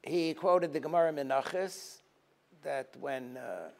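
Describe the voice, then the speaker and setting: Guy rabbi giving a talk, kinda high voice, does little voices for the story bits. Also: unhurried, gravelly. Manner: storytelling, acting out dialogue in a lively voice; rising to forceful emphasis, then dropping low. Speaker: rabbi and lecturer. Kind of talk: Tisha B'Av teaching talk.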